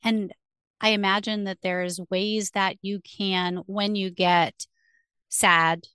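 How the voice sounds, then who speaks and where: A woman hosting a podcast, talking in a calm, measured way about spirit and connection. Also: medium pitch, clear, resonant tone, no echo, studio quality. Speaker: podcast host. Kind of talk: reflective spiritual conversation.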